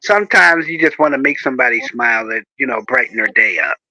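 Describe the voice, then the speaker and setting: Guy hosting a casual chat, animated storyteller, laughs a lot, very bright voice. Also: medium pitch, fast talker, no room sound, lo-fi sound.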